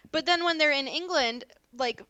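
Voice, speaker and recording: A woman's voice: sits high, takes it slowly, pushed and bright, no room sound, dull audio. Giggly woman podcast host, dry sound. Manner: chatty, giggly, gushing. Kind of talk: casual chat.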